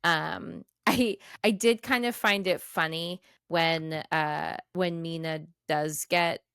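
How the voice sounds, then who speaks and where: Giggly woman with a smooth voice. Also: sits low, fairly even intonation, slow, fairly bright tone, no echo, clean studio sound. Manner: rambling and giggly, many fillers. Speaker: podcast co-host. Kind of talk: casual chat.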